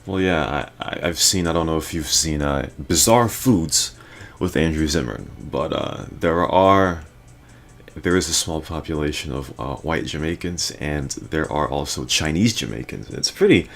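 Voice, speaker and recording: A man's voice: rumbling low, a little slow, gravelly, a bit bright. A man hosting a casual podcast chat, rambling with many fillers and laughing often. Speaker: podcast host.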